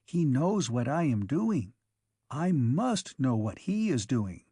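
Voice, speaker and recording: A man voicing an obsessive male robot that reasons in flat, methodical steps. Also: medium pitch, slow, slightly rough, dry recording, studio quality, full character voice. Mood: earnest.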